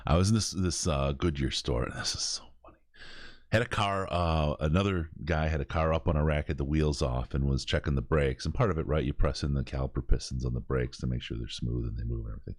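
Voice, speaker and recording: A man hosting a podcast, telling stories in an animated way and laughing as he goes. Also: very deep voice, quick pace, no room sound, clean studio sound. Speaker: podcast host. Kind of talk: casual storytelling.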